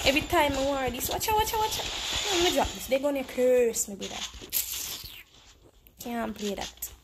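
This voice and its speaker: Excitable Jamaican woman streaming a game. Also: high-pitched, a little slow, heavy background noise. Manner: excitable, teasing and complaining at an opponent. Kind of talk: live gaming commentary.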